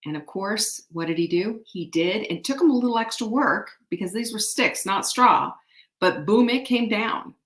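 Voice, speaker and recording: A woman hosting a show, retelling an old folk tale in an animated, chatty way and often asking the audience to guess what happens next. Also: mid-range voice, moderate pace. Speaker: show host. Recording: echoey room.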